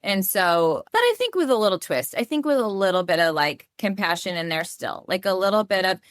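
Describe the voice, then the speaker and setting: A woman's voice: medium pitch, big pitch swings, a little fast, dry recording, clean studio sound. A woman speaking as a podcast guest, chatty and casual, with lots of "like" fillers. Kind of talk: casual interview chat.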